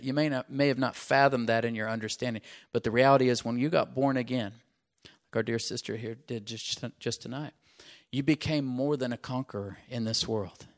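A male pastor preaching a sermon, asking the congregation to repeat phrases and punching his key lines. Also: mid-range voice. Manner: call-and-response asides, punches key phrases.

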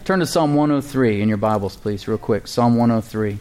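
A man's voice: on the low side, moderate pace, darkish tone. A man preaching a sermon to a congregation in a conversational style, asking for amens and chuckling between points. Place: church congregation.

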